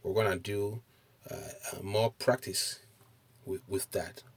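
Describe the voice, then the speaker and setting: Man, middle-aged, language teacher, lowish voice, hesitant with fillers, asks okay often. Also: fairly even intonation, slightly rough. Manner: hesitant, many pauses and fillers, checks in with "okay?". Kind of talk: recorded online lesson.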